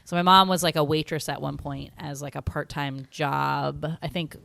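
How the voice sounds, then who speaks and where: A woman with a fairly low voice co-hosts a casual podcast, telling stories in a loose, meandering way. Her sound is dry and close to the mic, with no room around it. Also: steady tone, moderate pace, creaky, fairly bright tone, no echo. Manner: meandering storyteller, chatty with many "like"s. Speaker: podcast co-host. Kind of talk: casual chat.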